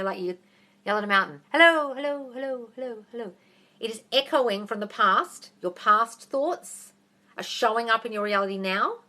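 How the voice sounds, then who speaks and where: A manifestation coach in her thirties with an Australian accent answers viewer questions on a livestream, bluntly and profanely, calling listeners darling. Her mid-range voice is bright and forceful.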